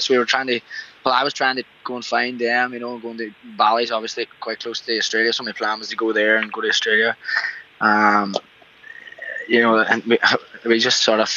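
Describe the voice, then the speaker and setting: A man's voice: mid-range voice, muffled recording. A Northern Irish man, a restaurant owner, talking easily in a radio interview from outside his seaside restaurant. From Northern Ireland. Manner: relaxed, easygoing storyteller.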